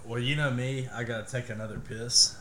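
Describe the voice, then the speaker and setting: A male podcast guest chats casually with a middle-of-the-road pitch. He throws in wisecracks and teasing asides throughout the conversation. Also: fairly even intonation, brisk, bright, forceful tone, a little hiss or hum. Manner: joking, wisecracking banter.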